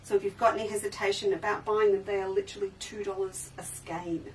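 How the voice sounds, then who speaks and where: A woman's voice: mid-range voice, fairly even intonation, fast talker. A woman hosting a casual live sale from her sewing shop, chatty and enthusiastic, often trailing off and restarting sentences. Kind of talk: casual live-stream sales chat. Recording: slightly distant mic with faint background noise.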